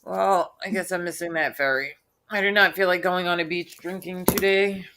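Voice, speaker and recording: A woman's voice: lowish voice, fairly even intonation, moderate pace, background noise. A woman hosting a casual live stream, ranting bluntly with frequent restarts.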